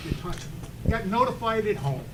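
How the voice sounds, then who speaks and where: A man's voice: high-pitched, animated, moderate pace. A man asking a question from the audience at a live Q&A, repeating and rephrasing it. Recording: crowd noise behind.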